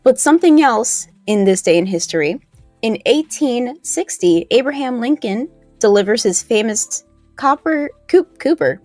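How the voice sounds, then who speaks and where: A woman's voice: on the high side, animated, a little slow, darkish tone, dry recording, faint music behind. A woman with a mostly neutral American accent and a faint Southern edge, co-hosting a livestream, reading out segments in a chatty, playful way. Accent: neutral American, a little Southern at times. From New Jersey, raised in Florida. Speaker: co-host. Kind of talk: casual livestream chat, reading horoscope and history.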